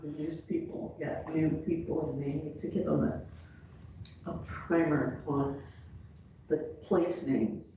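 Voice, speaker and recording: A man born in England chatting casually, chiming in with halting phrases. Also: a little high, fairly even intonation. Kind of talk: casual chat. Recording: echoey room, far from mic, dull lo-fi, faint noise.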